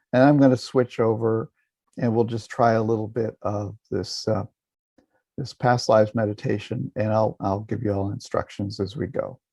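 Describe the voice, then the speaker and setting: Male meditation teacher, dry close sound, low relaxed voice, casual guiding tone. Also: creaky, no echo. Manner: relaxed, unhurried, with fillers and restarts. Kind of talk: guided meditation.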